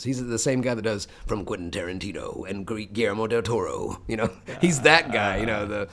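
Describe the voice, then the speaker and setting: A man's voice: fairly low pitch, a little fast, hardly any pauses. A man from Memphis, Tennessee, a voice actor telling stories animatedly as a guest in a casual interview. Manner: animated storyteller who slips into voices.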